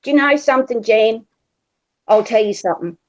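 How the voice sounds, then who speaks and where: Australian woman, casual chat, teasing, higher pitch, muffled lo-fi recording. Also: a little fast. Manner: laughing, teasing, self-mocking. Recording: dull lo-fi sound.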